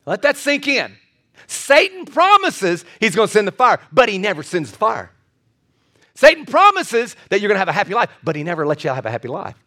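A male pastor preaching a sermon, telling a Bible story with animated, acted-out quotes. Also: high-pitched, a little fast.

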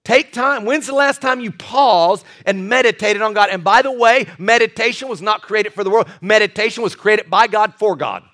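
A man's voice: high-pitched, normal speed, hardly any pauses. A male pastor preaching a sermon, telling stories animatedly and acting out the voices of the people in them. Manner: animated storytelling, acts out quoted voices; drops to a soft hushed voice for tender moments.

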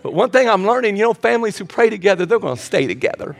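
A middle-aged man, a pastor, preaching with humor, swinging between loud outbursts and quiet moments. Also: high voice, sing-song, fast talker, vocal fry, faint music behind. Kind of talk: sermon.

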